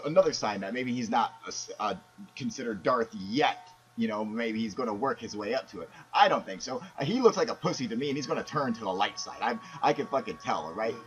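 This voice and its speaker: A man's voice: medium pitch, slight background noise, low-quality recording. Foul-mouthed man ranting a fan review. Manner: profane, rambling, many fillers. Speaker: host.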